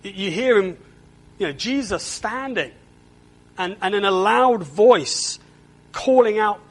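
A man preaches a sermon with a high voice, pacing his words slowly and deliberately. He sounds earnest and doubles back on words as he presses each point home. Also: animated, low-quality recording. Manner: earnest, repeats words when stressing a point.

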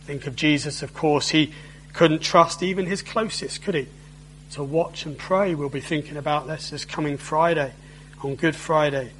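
A man's voice: a little high, fairly even intonation, normal speed, fairly bright tone, slight background noise, poor audio. A man preaching a sermon in a conversational way, often asking his listeners tag questions.

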